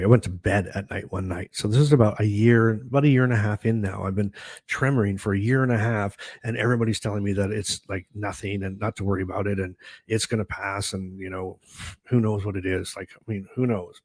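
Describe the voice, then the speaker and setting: A man's voice: lowish voice, fairly even intonation, brisk, breathy edge, no room sound. A middle-aged man hosting his own video, telling a personal story in a rambling, chatty way full of fillers and restarts. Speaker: host.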